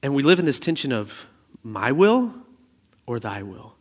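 A man in his thirties preaching from the pulpit in an easy, conversational way, slipping into lively storytelling asides. His voice sits at an ordinary pitch and rings out with a long reverb, as if from a large church hall. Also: a little slow. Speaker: pastor. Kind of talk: sermon.

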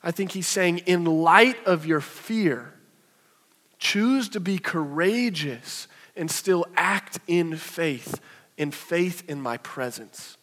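A man in his thirties preaching a sermon. He talks in a conversational way, rising to animated bursts and dropping to soft, low passages. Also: slow. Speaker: pastor. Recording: long reverb of a hall.

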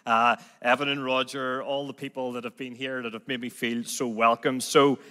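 Bright-voiced Belfast preacher in a reverberant hall. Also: male voice, mid-range voice, little pitch movement, normal speed. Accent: Belfast, Northern Irish. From Northern Ireland. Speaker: guest preacher. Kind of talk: sermon with scripture reading.

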